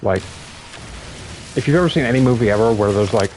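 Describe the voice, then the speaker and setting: A man's voice: mid-range voice, brisk, a little hiss or hum, rough recording. A young man from the US telling a long story on a stream in a casual, rambling way, full of fillers. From United States. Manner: rambling, animated, lots of fillers.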